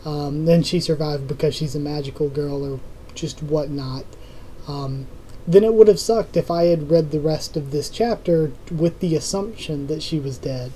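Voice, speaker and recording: A young adult vlog host answering viewer comments in a loose, rambling way, stopping to restart sentences and filling pauses with um. The voice is very dark and mellow and sits at a mid pitch. A faint hiss of room noise lies under it. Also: rough recording. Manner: rambling, full of ums and restarts. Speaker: YouTube channel host.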